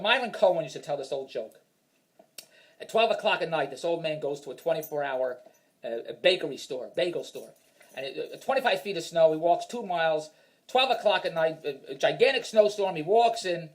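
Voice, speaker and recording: A man telling a rambling, self-mocking stand-up story in an exasperated rant. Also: a little high. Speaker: stand-up comedian.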